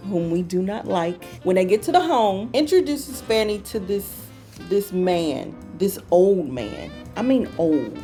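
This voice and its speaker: A woman's voice: mid-range voice, darkish tone. A woman hosting a book talk, retelling a story in a casual, playful way and repeating phrases for emphasis.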